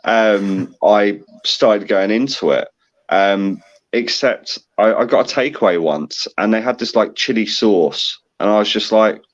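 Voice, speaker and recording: A man's voice: lowish voice, measured pace, lo-fi sound. A man being interviewed in a casual chat, talking in a rambling, laid-back way. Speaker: guest.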